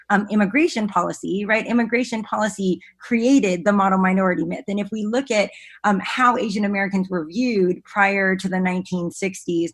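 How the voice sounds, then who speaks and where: A woman, an education researcher, explaining her work as a podcast guest, earnestly and often checking in with "right?". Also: medium pitch.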